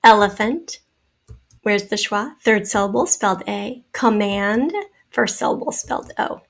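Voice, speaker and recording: A woman's voice: medium pitch, measured pace, gravelly. A woman teacher giving a spelling lesson to children, patiently sounding out syllables and explaining vowel sounds.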